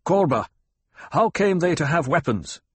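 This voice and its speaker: A man's voice: a little high, sing-song, measured pace, breathy edge, no echo, pitched above the performer's own voice, heavily acted. A man reading an audiobook, voicing a young duke who barks commands at armed fighters. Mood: stern. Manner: commanding, shouting orders. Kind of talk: audiobook character voice.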